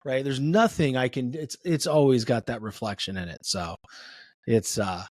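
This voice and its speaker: Husky man telling earnest stories. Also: medium pitch, moderate pace, no echo, studio quality. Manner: earnest storyteller, acts out family dialogue. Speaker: podcast guest, father of three. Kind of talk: casual conversation.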